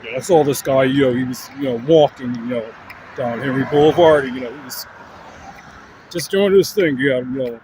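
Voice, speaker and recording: A man voicing a dog imagined as a laid-back male bodybuilder, talking in a slow drawl packed with "you know, man" fillers, outdoors by a road. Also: mid-range voice, natural voice. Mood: easygoing. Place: outdoors on a street with passing traffic. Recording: outdoor phone stream with loud traffic noise.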